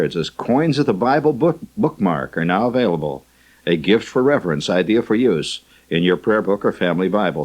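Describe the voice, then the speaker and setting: Male radio host, low voice, sardonic mail-reader with digressive asides. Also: a little mellow, low-quality recording. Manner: wry, teasing, rambling asides. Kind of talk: reading listener mail on air.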